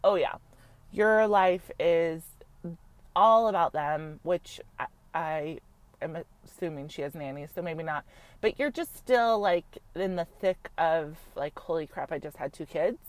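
In a dry recording, a low-voiced woman speaks at a measured pace as she gossips through a reality show recap. She's chatty and frank, leans heavily on "like," and lets the occasional swear word fly.

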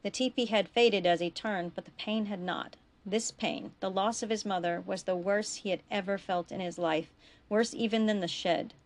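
A woman reading her own fiction aloud in a steady, expressive storytelling voice. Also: mid-range voice, normal speed.

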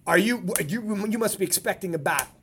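Chatty excited podcast host. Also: mid-range voice, a little fast, slight background noise. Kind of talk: casual interview talk.

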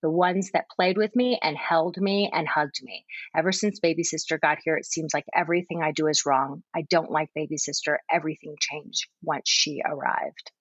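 A woman's voice: low-pitched, fairly even intonation, normal speed, hardly any pauses, husky, no room sound, lo-fi sound. A woman reading as a confused three-year-old older sibling. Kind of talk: reading a child's story aloud.

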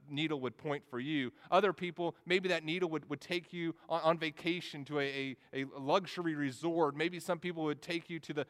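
A man's voice: fairly high pitch, fairly bright tone. A man preaching a sermon, earnest and repeating words as he goes. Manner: earnest, with frequent word repetitions. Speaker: pastor. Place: church sanctuary. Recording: long reverb of a church hall.

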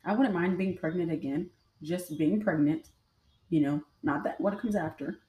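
Chatty woman telling stories, lowish mellow voice. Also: normal speed. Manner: chatty, addresses listeners directly. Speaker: podcast host. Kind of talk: casual storytelling. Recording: roomy echo.

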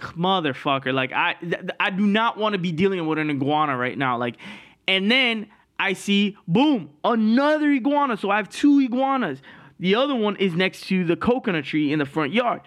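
A male podcast host talks loosely into his mic, cursing freely. His fairly high voice leaps and falls as he tells his tale, and he often breaks into laughter. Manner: animated, profane, laughs through his story. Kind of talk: casual storytelling monologue.

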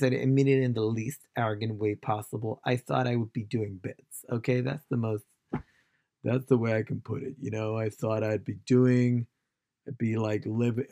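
A man's voice: lowish voice, creaky, warm tone, no room sound. A British man hosting a podcast, a stand-up comic delivering a slangy, ranting comedic monologue. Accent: British English.

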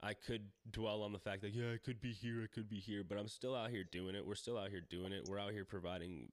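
A man's voice: on the low side, steady tone, brisk, dry recording, studio quality. A man in his thirties co-hosting a podcast, talking casually in a rambling, profane way full of fillers and restarts. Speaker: podcast co-host.

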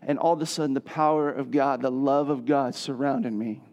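A middle-aged man preaching a sermon, telling a personal story and building to loud, emphatic passages. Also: medium pitch, steady tone, moderate pace, gravelly. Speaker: pastor.

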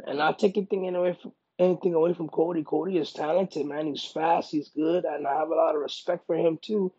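A man's voice: on the high side, fast talker, husky, dry recording, dull audio. A man, a fighter being interviewed, talking casually and emphatically, repeating his points. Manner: emphatic, repeats himself, bursts into loud excited quoting.

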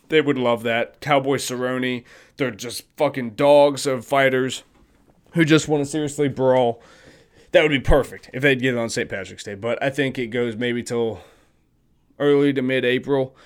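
A man's voice: mid-range voice, clean tone. A man hosting a podcast, talking casually and profanely about sports with strong opinions. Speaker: podcast host.

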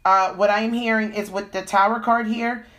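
A woman's voice: mid-range voice, fairly even intonation, normal speed, a bit bright. A woman with a cold giving a casual live-stream tarot reading, full of fillers and "okay?" check-ins. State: has a cold. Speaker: tarot reader.

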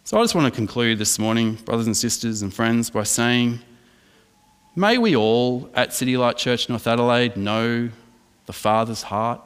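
A man's voice: mid-range voice, moderate pace, clean tone. Australian male pastor preaching in a hall. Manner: emphatic preaching, asks the congregation questions. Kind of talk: sermon.

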